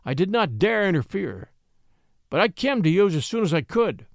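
Guy putting on a soft cook voice, warm and fretful, lively ups and downs, dry sound. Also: high-pitched, moderate pace, creaky, no room sound, full character voice. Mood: soothing. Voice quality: soothing brogue, wailing when upset. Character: kindly old Irish camp cook, emotional.

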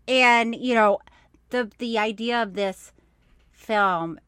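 A middle-aged woman co-hosting a casual chat, animated and self-deprecating as she tells stories and laughs at herself. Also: a little high, takes it slowly, clean tone, no room sound, clean studio sound. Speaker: podcast co-host.

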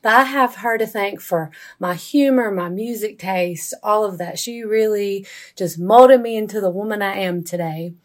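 Soft-voiced woman with a North Carolina accent. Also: moderate pace. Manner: soft, low and sultry. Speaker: caller. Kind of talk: voicemail question.

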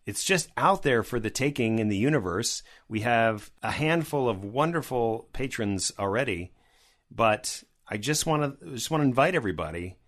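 A man's voice: mid-range voice, lively intonation, moderate pace. A man co-hosting a podcast in casual chat, enthusiastic and rambling with frequent restarts. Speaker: podcast co-host.

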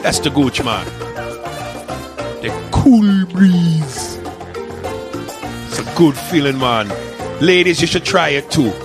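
A man putting on a put-on Jamaican accent, playing a laid-back man who croons slowly like a commercial pitchman. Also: lively intonation, over music. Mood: crooning.

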